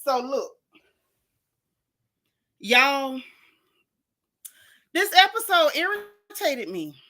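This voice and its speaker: A woman's voice: high voice, bright, forceful tone. A woman hosting a casual livestream, chatting and greeting viewers by name. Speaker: livestream host.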